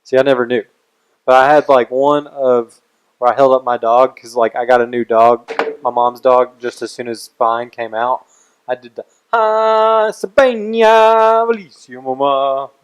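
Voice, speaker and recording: A man's voice: mid-range voice, flat delivery, moderate pace, clean tone. Rambling young man in podcast chat. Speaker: podcast co-host. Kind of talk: casual chat.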